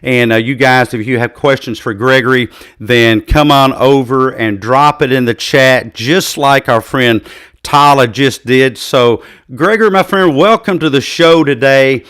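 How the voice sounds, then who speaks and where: A man's voice: mid-range voice, a little slow, fairly bright tone, clean tone, no echo, clean studio sound. A man hosting a live interview show on a video call, upbeat and enthusiastic. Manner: upbeat and enthusiastic, with some fillers. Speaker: podcast host.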